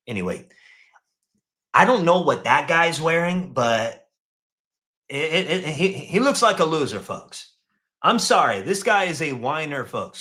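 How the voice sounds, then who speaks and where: A man's voice: a little high, big pitch swings, unhurried, long pauses, pushed and bright. A man hosting a casual reaction show, mocking and profane as he riffs on clips.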